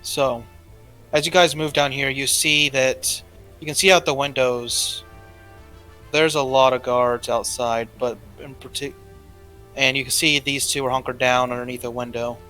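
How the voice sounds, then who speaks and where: A man narrating as game master in a tabletop game, describing scenes briskly with occasional fillers. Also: mid-range voice, steady tone, sharp tone, faint music behind.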